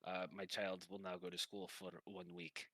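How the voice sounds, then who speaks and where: A man voicing a fussy, flattering male masseur who speaks in broken English with a thick Eastern European accent. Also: mid-range voice, normal speed, no echo, close to an everyday voice. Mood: fawning. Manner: broken English, overly polite.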